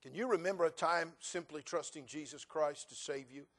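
Man, pastor, middle-aged, high-pitched, folksy, emphatic sermon delivery. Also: moderate pace. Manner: folksy storytelling, rising to loud emphatic preaching.

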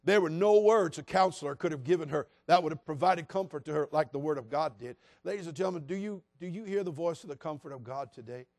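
A man preaching a sermon as pastor, passionate, moving between loud appeals and hushed, quiet passages. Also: fairly high pitch, fast, hardly any pauses, no room sound, studio quality.

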